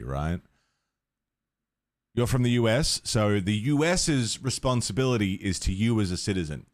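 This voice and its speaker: A man's voice: fairly low pitch, lively intonation, normal speed, no room sound, studio quality. An Australian man chatting casually on a game stream, swearing freely, laughing often and rambling with restarts. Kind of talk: casual stream chat while gaming.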